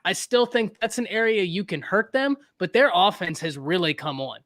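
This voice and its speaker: A high-pitched man hosts a laid-back sports talk show. He jokes, stays lively, and repeats his points for emphasis. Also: moderate pace. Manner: animated, joking, repeats phrases for emphasis.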